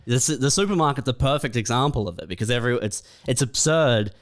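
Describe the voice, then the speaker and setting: A man's voice: medium pitch, expressive, quick pace. A man co-hosting a podcast, chatting in a laid-back way and thinking aloud with fillers. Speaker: podcast co-host. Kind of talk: casual chat.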